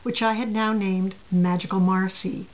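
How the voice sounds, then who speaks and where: A woman's voice: medium pitch, fairly even intonation, moderate pace. A middle-aged woman telling a first-person story in a wry, sarcastic manner, heard on a dull lo-fi recording.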